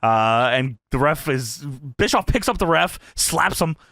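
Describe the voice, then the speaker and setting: A man chatting casually as a podcast co-host, excitable, swearing a lot and laughing often while recapping a match. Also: a little high, measured pace, no echo, studio quality. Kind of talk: casual wrestling commentary chat.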